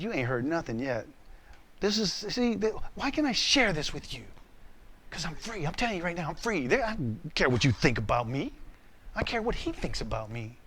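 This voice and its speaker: A man preaching a sermon, telling a personal story in a candid, conversational way. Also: a little high. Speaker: pastor.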